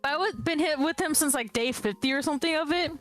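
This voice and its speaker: Young female streamer, casual and rambling, high-ish voice. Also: quick pace, soft background music. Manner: rambling, animated storytelling with laughs. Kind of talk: casual chat.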